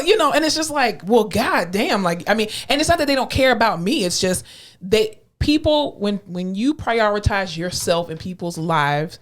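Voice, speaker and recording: Animated woman nurse chatting on a podcast. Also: normal speed. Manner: animated, acts out quoted voices with big pitch jumps. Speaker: podcast co-host; ICU nurse. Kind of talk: casual chat.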